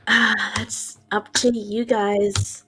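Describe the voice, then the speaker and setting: A woman's voice: mid-range voice, flat delivery, extremely slow, sharp tone, slightly rough. A woman player in a tabletop game, chatting casually and laughing often. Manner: easygoing, frequent laughter. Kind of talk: casual chat between tabletop sessions.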